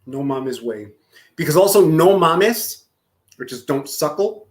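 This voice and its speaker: Crude joking guy from LA on a stream, high voice, takes his time talking. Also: expressive, a little slow. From Los Angeles, California. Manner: crude, joking, often laughing. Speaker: streamer reading chat. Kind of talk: casual live-stream chat.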